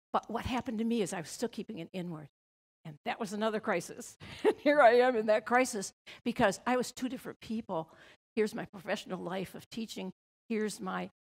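An older woman speaking on a conference panel, telling a personal story in an earnest, reflective way with soft laughs. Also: medium pitch, vocal fry.

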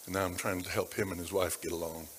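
A male pastor preaches in a lowish, bright voice, drawing his congregation in with personal stories. He drops to a near whisper, then rises to forceful emphasis. The sound carries the long reverb of a large church hall. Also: little pitch movement, quick pace, slight background noise. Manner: dramatic shifts between hushed and loud. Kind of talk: sermon storytelling.

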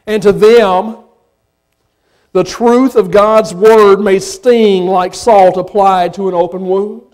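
A man with a Southern accent preaching a sermon as pastor, folksy and at times rising to impassioned shouts. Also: sits high, steady tone, slow. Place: church sanctuary.

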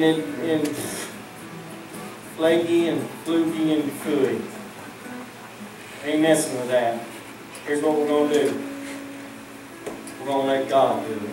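A man, preaching with folksy, riled-up fervor. His voice sits a little high and rings through a very echoey church, heard from a distant mic with music underneath. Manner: folksy, riled-up, leads call-and-response prayer. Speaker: pastor. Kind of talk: fervent preaching. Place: church service.

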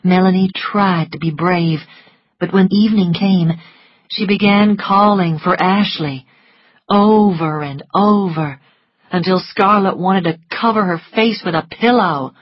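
A woman reads an audiobook in an unhurried, measured way. Her voice is husky. The recording is dry and a little dull. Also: lowish voice, no room sound. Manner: measured, even storytelling. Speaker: audiobook narrator. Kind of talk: scripted narration. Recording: slightly muffled lo-fi, dry.

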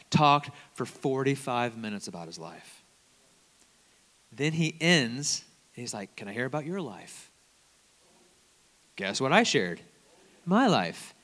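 A middle-aged man preaches in a church, his voice bright and ringing with a long hall echo behind it. He talks to the room like a conversation and acts out little exchanges of dialogue as he goes. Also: medium pitch. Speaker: campus minister preaching. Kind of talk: sermon. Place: church sanctuary.

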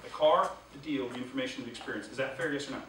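A male sales trainer leading a classroom training session, energetic and quizzing the class with questions. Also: medium pitch, racing, crowd noise. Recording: echoey room, distant mic, background noise.

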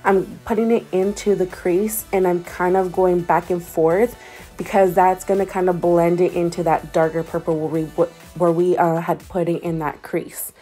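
A woman's voice: lowish voice, little pitch movement, moderate pace, warm tone, faint music behind. A woman casually talking through her makeup steps as a beauty vlogger, rambling and correcting herself with lots of fillers. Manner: rambling, self-correcting, chatty with many fillers. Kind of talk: casual makeup tutorial voice-over.

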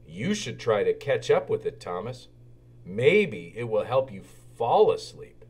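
A man's voice: lowish voice, very animated, unhurried, a little mellow, breathy edge, pitched below the performer's own voice, heavily acted. A man voicing a big, sleepy male engine who teases a smaller one, in a storybook reading. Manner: drowsy, sly.

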